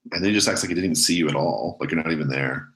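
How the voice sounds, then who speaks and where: A man's voice: very deep voice, rapid-fire, a bit bright, rough recording. A man narrating as game master of a tabletop role-playing game, in a loose, filler-heavy way.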